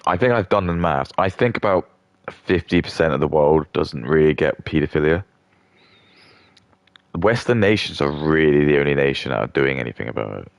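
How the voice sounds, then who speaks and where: A man's voice: very deep voice, vocal fry, no room sound, studio quality. A young man rambling through a contemptuous rant as a streamer. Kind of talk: ranting casual monologue.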